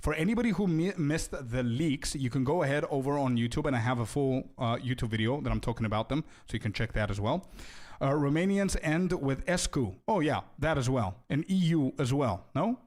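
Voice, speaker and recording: A young male streamer talks loosely to his chat in a middle-pitched voice. He breaks into quick laughs and trips over his own restarts. He drops "bro" and "dude" all through his chatter. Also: animated, a little mellow. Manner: laughs often, halting restarts, calls people bro and dude. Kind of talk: casual livestream chat, thanking donors.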